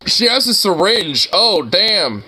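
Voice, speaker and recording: A young man doing casual reaction commentary, incredulous and excitable, who swears a lot and trips over his words. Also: high-pitched, slow, background noise. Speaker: reaction video host.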